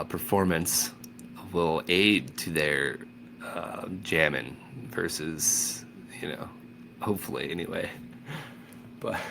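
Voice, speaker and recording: A man reading a children's novel aloud with animated enthusiasm, then chatting about the chapter. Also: deep voice, vocal fry, noisy background. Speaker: audiobook reader.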